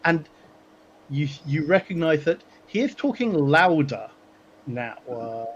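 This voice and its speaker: A man running a tabletop game as game master, narrating haltingly with many fillers. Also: fairly high pitch, big pitch swings, slightly rough, highs cut off. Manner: halting, many ums and uhs.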